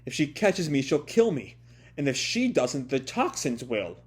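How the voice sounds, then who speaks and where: A man's voice: fairly high pitch, very animated, measured pace, breathy edge, exaggerated voice. Brief: a man doing a frightened young guy at the end of his rope, comic read-through. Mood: desperate. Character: panicked, despairing young man.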